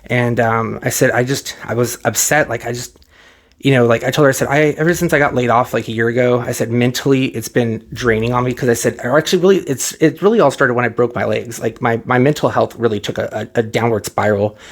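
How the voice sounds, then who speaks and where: A man's voice: medium pitch, quick pace. A man talking casually to his viewers, rambling through a personal story with many fillers and restarts, retelling conversations and getting close to tears, into a microphone at home. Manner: emotional, close to tears at moments. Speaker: vlogger.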